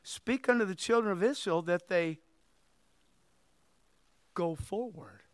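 A man preaching a sermon and reading scripture aloud, emphatic, swinging between loud outbursts and hushed asides. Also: high-pitched, normal speed, clear, resonant tone, no room sound.

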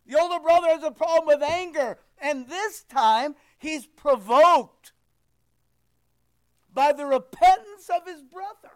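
An older man preaching a sermon as pastor, loud and emphatic, swinging between near-shouts and quiet asides. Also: extremely high pitch, a little slow. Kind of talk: sermon with prayer.

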